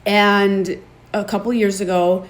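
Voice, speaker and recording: A woman hosting a show, telling her own story to an online audience in an earnest, emotional, confiding way, halting and repeating words as she gathers her thoughts. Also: medium pitch, little pitch movement. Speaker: podcast host. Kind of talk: candid personal testimony to an online audience.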